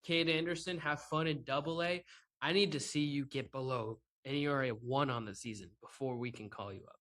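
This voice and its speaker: A man with a bright, forceful voice hosts a solo sports podcast into a laptop microphone. He rants in a sarcastic, exasperated way, mocking and breaking into laughter, at a mid pitch. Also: a little fast. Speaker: podcast host. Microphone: microphone with laptop and camera.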